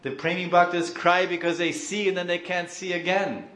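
A man giving a slow, emotive devotional sermon, acting out crying devotees. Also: sits high, fairly even intonation, fairly bright tone, reverberant. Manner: slow, emotive, acts out crying devotees and mixes in Hindi and Sanskrit terms. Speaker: spiritual teacher.

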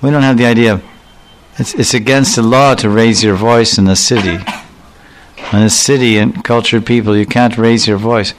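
A man gives a devotional talk in a smooth, resonant voice at an ordinary middle pitch. He explains old verses with animated storytelling, often slipping into the voices of the people he describes. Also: normal speed, poor audio. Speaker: religious speaker.

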